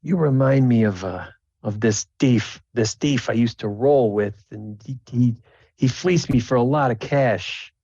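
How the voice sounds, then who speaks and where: A man's voice: medium pitch, measured pace, warm tone, dry recording, lo-fi sound, pitched above the performer's own voice, natural voice. A man voicing a boisterous male gnome jester who talks in hearty, jokey stage patter. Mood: wary.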